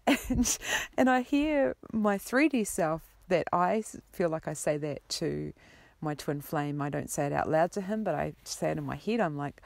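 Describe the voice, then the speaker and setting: A woman spiritual teacher talking in an earnest, gentle, rambling way in a casual vlog monologue. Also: deep voice, animated, measured pace, gravelly, no echo.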